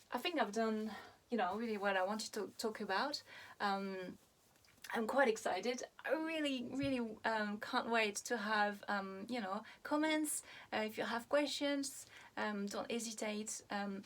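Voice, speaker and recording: Earnest French-accented woman, slightly high. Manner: earnest, hesitant, many fillers and restarts. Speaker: hypnotherapist. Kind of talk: casual self-help talk to camera.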